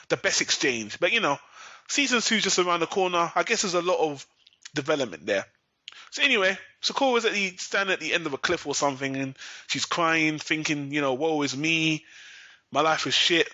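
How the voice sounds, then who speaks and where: A man's voice: on the high side, pushed and bright, no echo. A man hosting a podcast, recapping an episode in a sarcastic, profane, exasperated way. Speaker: podcast host. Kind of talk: casual recap and rant. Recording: dull lo-fi recording, dry.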